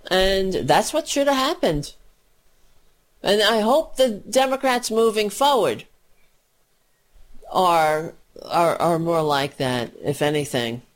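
Slow, profane, ranting woman. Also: medium pitch. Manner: angry, profane, sarcastic, mocking voices. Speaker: political commentator. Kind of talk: casual political rant.

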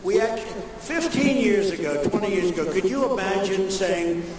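A man's voice: high-pitched, animated, normal speed. A man giving a rambling political speech, acting out the voices he quotes. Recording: echoey hall from far off, noisy.

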